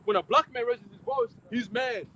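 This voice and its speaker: A man preaching loudly and emphatically, swearing freely and mocking his critics between scripture readings. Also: very high-pitched, normal speed, slight background noise, low-quality recording. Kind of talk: fiery street-style preaching.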